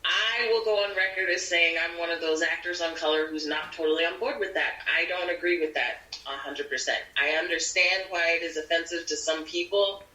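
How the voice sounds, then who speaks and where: A woman's voice: on the low side, fairly quick, hardly any pauses. Lady actor telling stories, does all the voices, sounds far off and echoey. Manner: animated, acts out quoted people. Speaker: actor, podcast guest. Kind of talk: casual storytelling chat. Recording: roomy audio from a distant mic.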